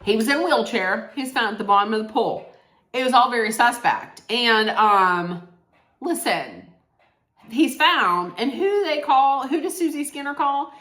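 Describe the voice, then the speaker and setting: Slow, blunt woman recapping in an echoey room. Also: fairly high pitch, very animated, fairly bright tone. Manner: blunt, indignant, swears freely. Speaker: vlogger reacting to a documentary. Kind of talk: casual reaction recap. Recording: roomy echo.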